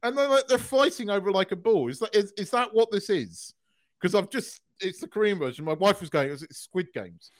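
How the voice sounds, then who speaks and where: A man's voice: sits high, animated, a little fast, no echo. Blunt, sweary man ranting. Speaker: podcast co-host. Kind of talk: casual chat.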